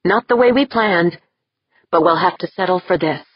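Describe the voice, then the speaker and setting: A woman gives voice to a grim, unyielding male leader who speaks in clipped, firm lines. The voice is low and husky, recorded dry and slightly dull. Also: normal speed, dry recording.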